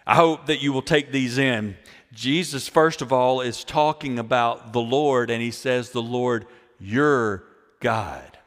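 A male pastor preaching a sermon, repeating key phrases and swinging between loud, emphatic lines and quiet ones. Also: mid-range voice, a little slow. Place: church sanctuary. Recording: long hall reverb.

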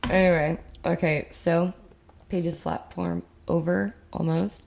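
A young woman from the United States chats on a podcast with a low, gravelly voice full of vocal fry. She rambles casually and throws in sarcastic asides. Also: fairly even intonation, takes it slowly, darkish tone. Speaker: podcast co-host.

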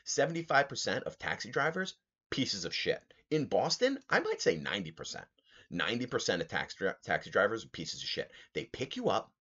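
A young man with a low, deep voice and a lot of swing in his delivery rants about his run-ins on a casual solo podcast. He swears freely and laughs as he goes. The audio is a little dull and muffled. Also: brisk, breathy edge. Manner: animated storyteller, swears freely, laughs while telling. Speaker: podcast host.

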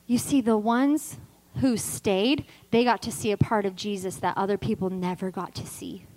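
A woman preaching a sermon with passion, swinging from loud emphatic declarations to soft, intimate storytelling with touches of self-deprecating humor. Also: medium pitch, moderate pace, low-quality recording.

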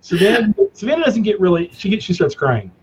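A middle-aged man chatting casually as a guest, telling animated, self-mocking stories with lots of restarts. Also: high-pitched, fast talker, dull audio, a little hiss or hum. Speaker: cigar company guest. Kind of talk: casual storytelling chat.

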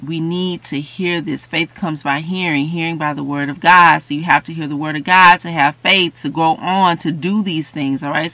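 A woman's voice: low-pitched, vocal fry, pushed and bright, low-quality recording. A woman preaching in an informal, conversational way, earnest and repetitive, building to emphatic peaks.

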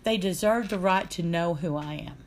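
A woman's voice: fairly low pitch, moderate pace. A middle-aged woman, telling a painful story in an earnest, aggrieved way. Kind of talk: casual chat.

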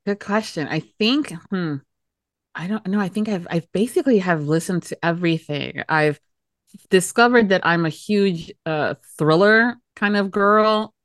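A woman's voice: fairly low pitch, lively intonation, unhurried, dry recording, studio quality. A woman guest on a podcast interview, talking in a rambling, hesitant way with frequent giggles. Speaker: podcast guest, audiobook promoter. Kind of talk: casual interview chat.

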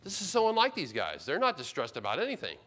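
Expressive male pastor preaching. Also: fairly high pitch, quick pace. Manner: expository preaching, voicing Bible characters in paraphrase; dramatic swings from loud emphasis to quiet asides. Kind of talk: sermon.

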